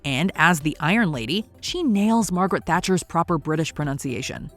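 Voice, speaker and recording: Upbeat woman reading a countdown script, animated, soft music under. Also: low voice, normal speed. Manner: upbeat, lively delivery. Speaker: countdown narrator. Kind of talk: scripted narration.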